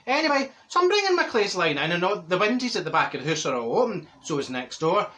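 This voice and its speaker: A brash, gossipy middle-aged Glasgow woman, played by a man with a Glaswegian Scottish accent, swooping through a lively, animated pitch. Her voice is bright and sharp as she spins theatrical comic tales to camera, breaking into laughs. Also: fast. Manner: gossipy, exaggerated, bursts of laughter, theatrical outbursts. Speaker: comedy character monologue. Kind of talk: comic character monologue to camera.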